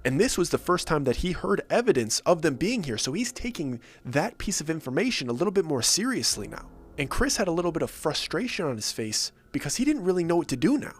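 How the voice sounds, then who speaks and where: Animated man telling a scary story. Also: a little high, fast, husky. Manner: animated, suspenseful retelling with quoted dialogue. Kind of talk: first-person scary story narration.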